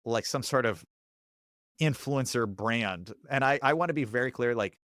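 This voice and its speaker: A man in his thirties chatting casually as a podcast guest, acting out quoted voices with lively swings. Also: medium pitch, normal speed, dry recording, clean studio sound. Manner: animated, acts out quoted voices. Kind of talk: casual chat.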